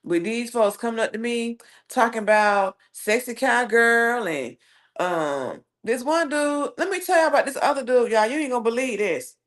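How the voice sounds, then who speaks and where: A woman with a Southern US accent hosts a casual live stream, reading viewer comments and telling stories in a sassy, animated way. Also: a little high, fairly quick, few pauses. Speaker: livestream host.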